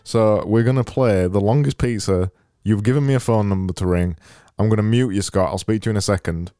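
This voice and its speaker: A man's voice: on the low side, brisk, warm tone, smooth, dry recording, clean studio sound. A man hosting a casual chat and scoring songs in a playful, teasing way. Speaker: host.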